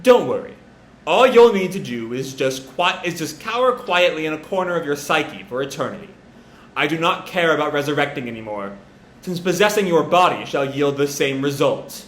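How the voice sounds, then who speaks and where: A man voicing a cold, taunting male alien being in a slow, low reading. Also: lively intonation, fairly bright tone. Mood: menacing. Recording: roomy echo.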